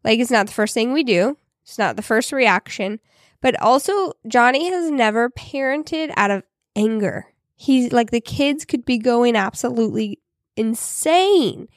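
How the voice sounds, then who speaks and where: A woman's voice: on the high side, lively intonation, unhurried, dry recording, studio quality. A woman co-hosting a podcast, talking in casual chat with many fillers. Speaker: podcast co-host.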